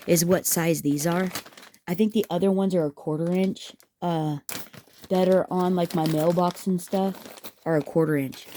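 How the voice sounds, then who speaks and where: A woman's voice: fairly low pitch, mellow. A woman hosting a craft tutorial, chatting and rambling to her viewers as she works, teasing herself along the way. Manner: rambling, talks to viewers as "guys", self-teasing. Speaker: craft video host.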